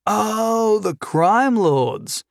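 A man voicing a wisecracking young male captive who talks in a quick, sarcastic, lively way in a storybook reading. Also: fairly high pitch, no echo, studio quality. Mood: mocking. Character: chained young man, wisecracking and nervously flippant.

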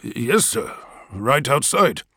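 A man's voice: mid-range voice, big pitch swings, slow, bright, forceful tone, slightly rough, no echo, studio quality, full character voice. A man reading an audiobook, voicing a deferential male soldier who stammers respectfully. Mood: nervous. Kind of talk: audiobook character voice.

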